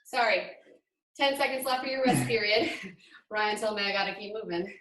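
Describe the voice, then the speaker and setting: A woman's voice: medium pitch, normal speed, a bit bright. A woman fitness trainer leading a live home workout, upbeat and counting reps, often out of breath. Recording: echoey room, far from mic.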